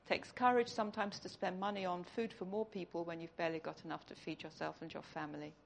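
A woman talks fast in a lowish, creaky voice with little pitch movement, over a slight hiss or hum. She's a church speaker giving an earnest, conversational sermon that turns tearful at the close.

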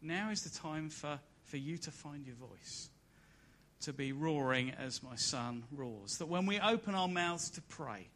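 Male preacher, church sermon; bright, slightly high voice, dramatic swings between loud and hushed. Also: expressive, unhurried. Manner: swells to loud emphatic peaks, then drops soft and low. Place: church service.

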